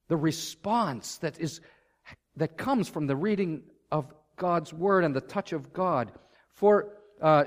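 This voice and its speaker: A man preaching a sermon as pastor, earnest and building to fervent emphasis. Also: a little high. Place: church sanctuary. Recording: long reverb of a church hall.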